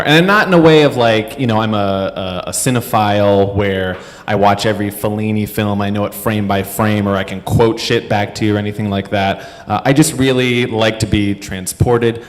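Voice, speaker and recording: Thirties male storyteller; low-ish, rambling and self-deprecating, reverberant live venue. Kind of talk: live comedic storytelling to an audience. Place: stage in front of a live audience. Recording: echoey hall.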